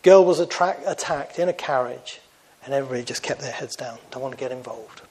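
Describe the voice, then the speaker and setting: A man preaching a sermon in an earnest, conversational way, getting louder and softer for emphasis. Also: mid-range voice, fairly quick, husky, rough recording.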